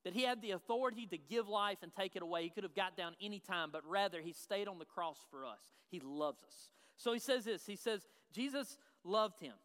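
A man's voice: high-pitched, fairly quick, hardly any pauses, a bit bright. A man preaching a sermon as pastor, emphatic and repeating his key phrases. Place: church sanctuary. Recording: long reverb of a large hall.

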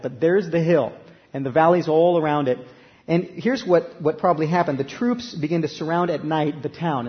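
A man with a somewhat high voice preaches a sermon, talking it through like a conversation and lifting his volume when he reads scripture. The sound is dull and lo-fi, with a long echo hanging in a big church hall. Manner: conversational preaching, rising loud for scripture quotes. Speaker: pastor.

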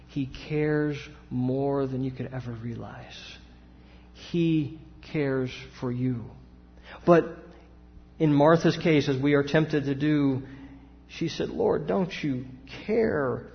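A man, a pastor preaching a sermon with emphatic rises and rhetorical questions. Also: mid-range voice. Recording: dull sound with long hall reverb.

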